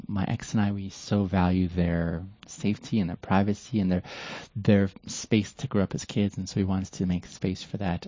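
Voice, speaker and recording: A man's voice: lowish voice, mellow, no echo. A man in his late thirties to forties, a former church leader, giving a heartfelt, reflective live-stream talk to his followers and often circling back mid-sentence. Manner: earnest and heartfelt, with repeated restarts. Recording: dull lo-fi, dry sound.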